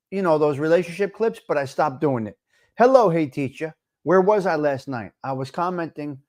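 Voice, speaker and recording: A man hosts a casual livestream talk show, chatting loosely, wandering into asides, and greeting viewers by name. His voice is fairly high with a darkish tone.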